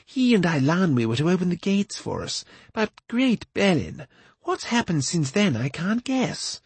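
A man voicing an excitable male bard in an audiobook, with a husky, breathless manner and a pitch raised above his own narration. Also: measured pace, no room sound, exaggerated voice. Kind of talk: audiobook character voice.

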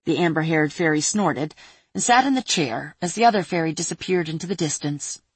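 A woman reads fantasy narration in a steady, even manner. Her voice is low with a husky grain, recorded close on a mic in a dry space. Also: a little fast, dry recording. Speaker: audiobook narrator.

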